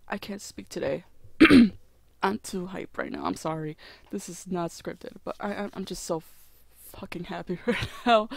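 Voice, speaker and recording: An excitable woman vlogger talks straight to her viewers in a gushing, unscripted way, exclaiming between thoughts. Her voice sits at a middling pitch and is recorded close up, with almost no room sound. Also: creaky, dry recording. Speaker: animation YouTuber.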